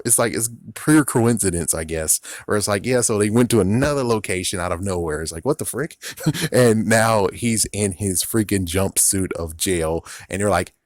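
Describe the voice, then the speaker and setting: A man's voice: fairly low pitch, normal speed, no echo, clean studio sound. A man casually reviewing a show, rambling, swearing and laughing often. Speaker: YouTube reviewer.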